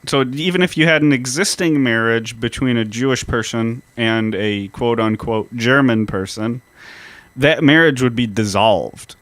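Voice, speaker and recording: A man's voice: medium pitch, a little slow, a bit bright, dry recording. A man co-hosting a history podcast, explaining events in a casual way and swearing freely. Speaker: podcast co-host.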